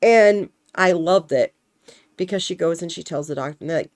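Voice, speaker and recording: A woman's voice: fairly low pitch, normal speed, darkish tone. A young woman chatting casually on a stream, rambling animatedly and acting out quotes as she tells a story.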